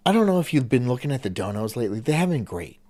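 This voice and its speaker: A man's voice: mid-range voice, sing-song, very fast, dark tone. A man hosting a stream, reacting casually with rambling, swearing asides. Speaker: streamer host.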